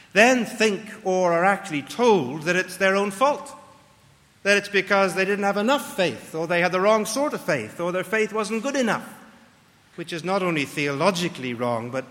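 A man's voice: high-pitched, fairly bright tone, long reverb tail. A man preaching a sermon in an earnest, emphatic way, raising his voice when he acts out cries for help.

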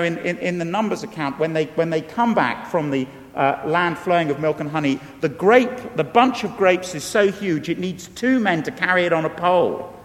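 A man delivers a sermon in a high voice, animated and emphatic, then dropping to hushed low tones. His voice rings out with the long reverb of a large hall. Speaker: preacher.

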